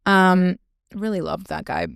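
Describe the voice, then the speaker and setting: Young woman podcaster rambling excitedly, lots of "like" and cussing, smooth voice, dry room. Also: lowish voice, unhurried, no room sound. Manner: gushing, heavy filler "like", frequent swearing. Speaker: podcast host. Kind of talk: casual storytelling monologue.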